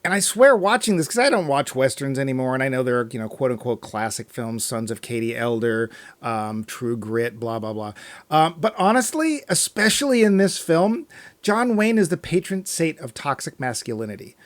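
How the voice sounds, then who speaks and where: A man's voice: mid-range voice, very animated, moderate pace, no room sound. A man co-hosting a movie podcast, talking in a sarcastic, joking way and laughing often. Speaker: podcast co-host. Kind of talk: casual movie review chat.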